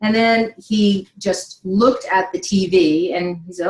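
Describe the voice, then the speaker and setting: A woman's voice: mid-range voice, steady tone, takes it slowly. A middle-aged woman giving an earnest, emotional motivational talk, telling a personal story and laughing now and then. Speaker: inspirational speaker. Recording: roomy echo.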